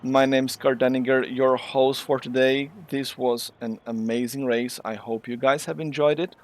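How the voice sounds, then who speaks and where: Excitable race commentator. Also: male voice, mid-range voice, normal speed. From Brazil. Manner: excitable, exclamatory play-by-play with filler words. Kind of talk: live sim racing commentary.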